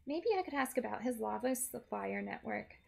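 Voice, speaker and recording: A woman's voice: a little high, creaky, a little mellow, full character voice. A woman voicing a sarcastic, wisecracking young woman held hostage in a game. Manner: sarcastic, wry.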